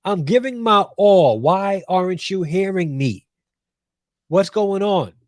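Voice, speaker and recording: A man's voice: sits high, lively intonation, slow pace, dry recording, studio quality, pitched above the performer's own voice. A man voicing a male worshipper crying at the altar, pleading and exasperated.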